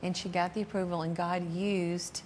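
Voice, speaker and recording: A woman hosting a talk show, interviewing a guest with drawn-out affirming reactions. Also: on the low side, little pitch movement, a little hiss or hum. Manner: warm affirming reactions, slow drawn-out exclamations.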